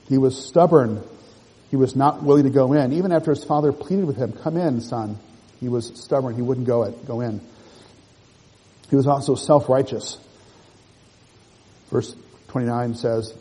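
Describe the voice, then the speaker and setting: A man's voice: mid-range voice, warm tone, husky, in a large hall, poor audio. A man preaching a sermon, working through a passage verse by verse and explaining it to the congregation. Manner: measured expository preaching, rereads and explains verses. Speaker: pastor.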